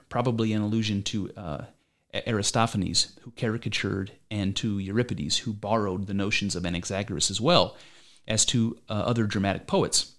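A man reading a classic text aloud in an amateur way, stopping for halting explanatory asides. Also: fairly low pitch, fairly even intonation, fairly bright tone. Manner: halting, with restarts and fillers. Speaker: reader.

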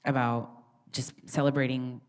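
Very low-voiced woman sharing earnestly. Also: flat delivery, unhurried. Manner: soft, earnest, with many fillers. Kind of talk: casual sharing in a group.

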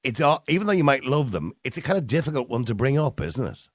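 A man hosts the show, asking rapid questions and cutting in eagerly. His voice swoops in pitch as he talks quickly, and the sound is dry and close. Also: no room sound. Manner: lively, quick, interjecting. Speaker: radio host. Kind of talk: phone-in interview.

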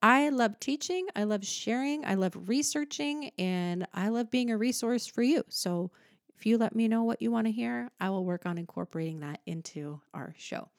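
A woman's voice: a little high, moderate pace, dry recording. Chatty woman podcast host, dry close mic. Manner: chatty, upbeat, many fillers and asides. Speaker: podcast host, musical theatre teacher. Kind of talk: casual solo podcast talk.

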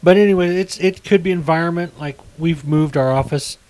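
Co-hosting a casual podcast, a middle-aged man rambles through his stories and corrects himself as he talks. He sounds a little high and brisk with a darkish tone, and the recording is rough.

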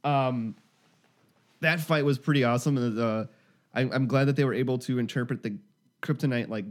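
A man co-hosting a casual movie chat, talking in a relaxed, rambling way. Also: medium pitch, moderate pace. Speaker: podcast co-host.

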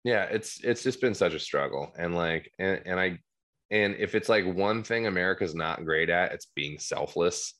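A man in his thirties with a New Jersey accent talks on a podcast in a loud, rambling way. He keeps restarting his sentences. His voice sits low, but it has a bright, forceful edge. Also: normal speed. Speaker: podcast guest, musician. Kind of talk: casual podcast chat.

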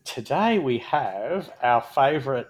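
A man with an Australian accent hosting a podcast, telling a story in a relaxed, jokey way. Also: mid-range voice, slow pace. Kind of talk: casual chat.

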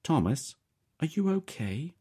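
A man putting on a worried mother, her voice lifted far higher than his own and a little husky. She sounds anxious and pleading, like a figure read from a storybook. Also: sing-song, a little slow, dark tone, exaggerated voice. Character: worried mother woken by a late call.

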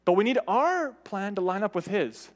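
High-voiced man preaching a sermon. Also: very animated, moderate pace. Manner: conversational, often asks "right?"; varies pitch and loudness for emphasis.

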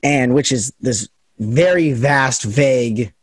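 A young man with a standard American accent explains at length in an earnest, chatty way, his sentences running on with "like" between them. His pitch is ordinary middle range. The recording is close and dry. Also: slow pace, breathy edge, dry recording. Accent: General American. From United States. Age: young adult. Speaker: political science student. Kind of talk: casual chat, explaining.

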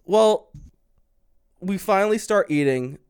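A man's voice: sits high, animated, takes it slowly, darkish tone, smooth, dry recording, clean studio sound. Profane man telling a long story. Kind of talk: casual chat, storytelling.

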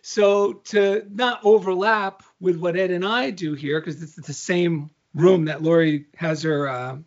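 High-voiced animated male podcast host. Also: measured pace. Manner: animated storyteller acting out quoted dialogue. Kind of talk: casual spiritual podcast chat. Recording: dull lo-fi sound.

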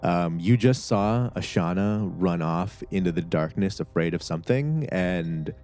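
A man's voice: deep voice, expressive, measured pace, a little mellow. A man running a tabletop role-playing game as game master, describing scenes in a loose, laid-back way with many fillers.

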